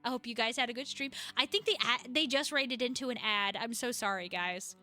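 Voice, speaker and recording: A woman's voice: on the high side, fairly quick, over music. A woman streamer chatting casually and greeting viewers in a bubbly, playful way. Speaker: streamer and game developer. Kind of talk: casual live-stream chat.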